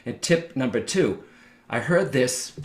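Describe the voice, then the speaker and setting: Unhurried yet animated, this psychic medium speaks in a medium-pitched voice that echoes in a reverberant room. He gives advice to his viewers in a relaxed, to-camera manner, often tossing in "all right?".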